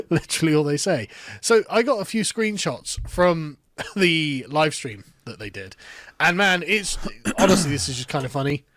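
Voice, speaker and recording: Man, online video commentator, somewhat high voice, dry sound, dismissive. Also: expressive, normal speed, fairly bright tone, dry recording.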